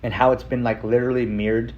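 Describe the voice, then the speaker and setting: A man's voice: medium pitch, level tone, fast talker, lo-fi sound. A man hosting a podcast, telling a personal story in a loose, profane, casual monologue. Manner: loose and profane, with frequent "like" fillers. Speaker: podcast host.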